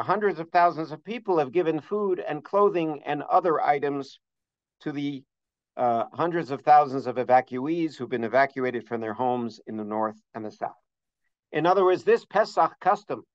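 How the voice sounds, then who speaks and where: A man's voice: on the high side, clear, resonant tone, no room sound. Earnest scholarly man, dull dry recording. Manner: earnest, cites sources in detail, frequent uhs. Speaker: religious teacher. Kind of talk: scholarly holiday lesson.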